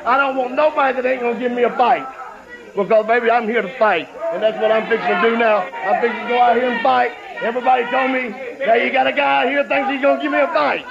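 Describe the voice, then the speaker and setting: Loud taunting wrestler on old TV tape. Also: male voice, very high voice, steady tone, quick pace, gravelly. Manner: boastful, taunting, repetitive threats. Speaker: pro wrestler cutting a promo. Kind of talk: archival wrestling interview promo. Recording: lo-fi old TV audio with crowd.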